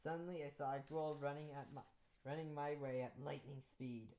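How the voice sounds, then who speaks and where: A woman reading aloud a story she wrote herself, halting and often restarting. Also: low-pitched, fairly even intonation, mellow, low-quality recording. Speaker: author reading own story.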